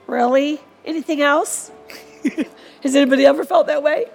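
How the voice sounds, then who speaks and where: A woman's voice: sits high, steady tone, moderate pace, gravelly, long pauses. A woman preaching a sermon in an earnest, repetitive way and closing in prayer.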